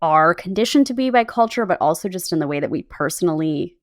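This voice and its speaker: A woman co-hosting a podcast in casual chat, animated and rambling, often laughing. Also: on the low side, fast talker. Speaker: podcast co-host. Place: Los Angeles.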